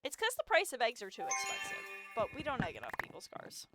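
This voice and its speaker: A woman's voice: on the high side, huge pitch swings, brisk. A woman streamer chatting casually, ranting in an exasperated way and swearing freely. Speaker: live streamer. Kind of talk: casual venting chat. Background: loud music.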